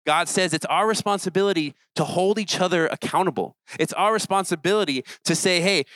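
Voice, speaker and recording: A man's voice: sits high, brisk, fairly bright tone, no room sound, low-quality recording. A man preaching an earnest, conversational sermon as a youth pastor, often restarting his sentences as he talks.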